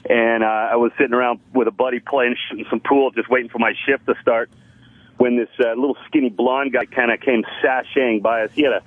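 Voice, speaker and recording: A man's voice: mid-range voice, steady tone, brisk, dry recording. A man from Canada calling in to a radio show, casually telling a story. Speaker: caller. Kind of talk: telling an anecdote on the phone. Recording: tinny phone line.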